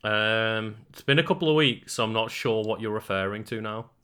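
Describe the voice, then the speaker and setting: Laid-back guy chatting, bright tense voice. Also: fairly low pitch, moderate pace, clear, resonant tone. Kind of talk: casual chat.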